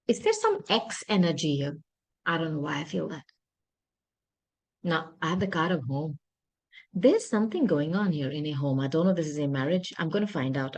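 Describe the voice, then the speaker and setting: Earnest tarot reader woman, low voice. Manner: earnest, apologetic, often thinks aloud. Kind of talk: tarot reading monologue.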